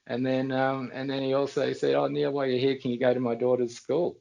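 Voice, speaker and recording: Gravelly Australian man telling stories. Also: medium pitch, little pitch movement, a little fast, darkish tone, low-quality recording. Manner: rambling anecdotes with frequent restarts. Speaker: podcast guest. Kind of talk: casual storytelling.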